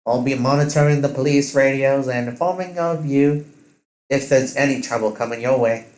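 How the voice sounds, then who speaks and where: A man's voice: mid-range voice, moderate pace, a little mellow, roomy sound, pitched above the performer's own voice, lightly acted. A man voicing a young male hacker who explains the plan eagerly. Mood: explaining.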